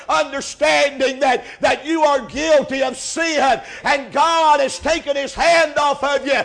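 High-voiced shouting preacher. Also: male voice, fairly even intonation, a little slow, creaky, hardly any pauses. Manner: impassioned shouting preacher, rising to cries. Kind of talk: revival sermon.

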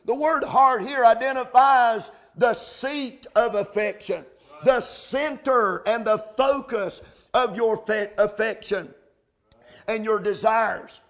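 A man's voice: extremely high pitch, fairly even intonation, takes it slowly. A man as pastor preaching a sermon, reading scripture aloud and repeating key lines with emphasis.

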